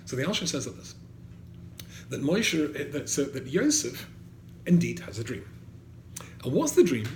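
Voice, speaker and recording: A man's voice: medium pitch, very animated, unhurried, pauses often, a little mellow. A man, a rabbi teaching a class to students, quoting Hebrew verses, translating them and putting questions to the room. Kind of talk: animated Torah lecture. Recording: echoey room, faint background noise.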